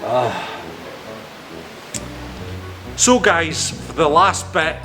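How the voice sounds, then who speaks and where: A man's voice: on the high side, sing-song, extremely slow, bright, forceful tone, faint music behind. Self-mocking man fluffing his lines. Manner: stumbling, self-mocking, swears at his own slips. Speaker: boat-building vlogger. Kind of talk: casual to-camera vlog outtakes. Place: aboard a boat under construction, indoors.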